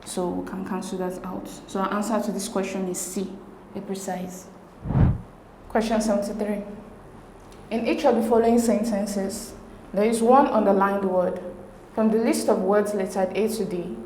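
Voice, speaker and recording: A woman, working through exam questions as a tutor in a steady, methodical way. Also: medium pitch, a little hiss or hum. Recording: echoey room.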